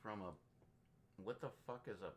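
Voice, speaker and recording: A man's voice: lowish voice, moderate pace, slight background noise. A young man streaming a game, chatting casually and rambling through stories, swearing freely and laughing often. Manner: profane, laughs often, animated storytelling. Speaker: gaming streamer.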